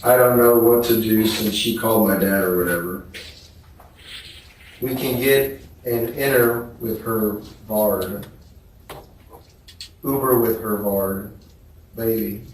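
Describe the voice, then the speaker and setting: A man testifying at a trial, reading text messages aloud in a slow, subdued, flat way. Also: lowish voice, slight background noise. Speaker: trial witness. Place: courtroom. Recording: echoey courtroom from far off.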